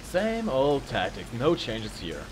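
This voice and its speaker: A man's voice: medium pitch, wildly swooping pitch, background noise. A man commenting live on a video game match with playful, joking banter. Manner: playful, jokey, fast banter. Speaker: esports commentator.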